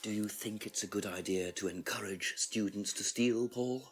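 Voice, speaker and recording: A man playing a calm, probing police inspector. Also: fairly low pitch, faint music behind, lightly acted. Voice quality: measured, persistent questioning. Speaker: police inspector in a detective game. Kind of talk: FMV game acting.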